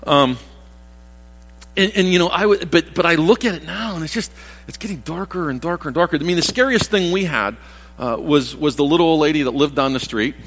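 A man's voice: fairly high pitch, a little fast, fairly bright tone. Folksy older man preaching in a hall. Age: 60s. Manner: rambling, folksy, many restarts and asides. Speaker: pastor. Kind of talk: conversational sermon. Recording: long reverb of a church hall.

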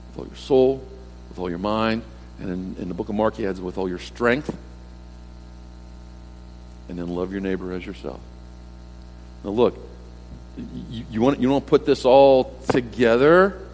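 A middle-aged pastor preaching a sermon in a conversational way, asking rhetorical questions and repeating key phrases, swinging between emphatic lines and soft, low ones. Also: male voice, a little slow, long pauses, a little hiss or hum. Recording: long hall reverb.

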